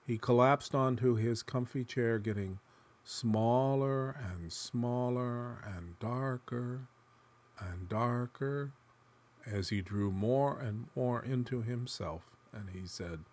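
A man reading literary fiction aloud in the first person, musing and dramatic, sometimes dropping to a hush. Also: medium pitch, takes it slowly. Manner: dramatic, shifting between musing and hushed tones. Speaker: narrator.

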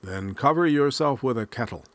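A man's voice: medium pitch, animated, normal speed, dry recording, pitched above the performer's own voice, close to an everyday voice. A man voicing a crafty, boastful male coyote trickster in a spoken folk tale, giving orders and mocking. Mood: commanding. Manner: boastful, commanding.

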